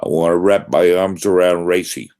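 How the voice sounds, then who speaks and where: A man's voice: low-pitched, steady tone, moderate pace, a little mellow. A man hosting a casual live-stream chat who teases guests, swears freely and laughs often. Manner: teasing, profane, laughs often.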